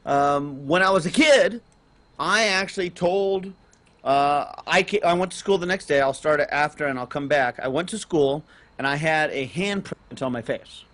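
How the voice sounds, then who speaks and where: Dad type rambling through a story on a podcast, kinda high voice, gets loud when he makes a point. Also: moderate pace. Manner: animated, rambling with restarts, rises loud on emphasis. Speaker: podcast co-host and parent.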